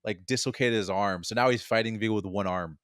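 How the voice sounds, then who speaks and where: A young man with a somewhat low voice chats about a film as a podcast co-host. He rambles, laughs a lot and trails off mid-thought. The sound is close and dry. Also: fast, a bit bright, clean tone, dry recording. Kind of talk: casual film discussion.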